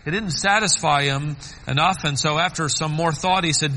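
A man preaching a sermon, swinging between soaring emphatic peaks and quiet low asides. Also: moderate pace, in a large hall, slight background noise, poor audio.

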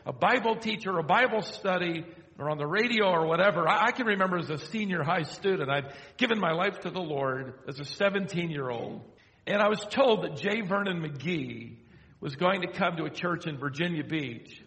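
An older man preaching a sermon, telling a story and slowing down to quote scripture. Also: fairly high pitch, lively intonation, a bit bright. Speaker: pastor. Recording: echoey hall.

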